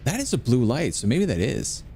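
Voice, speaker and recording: A man's voice: mid-range voice, big pitch swings, moderate pace, dark tone, slight background noise. An American man chatting casually while playing a video game, rambling through stories and restarting his sentences. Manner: rambling, anecdotal, self-interrupting. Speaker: gameplay commentator.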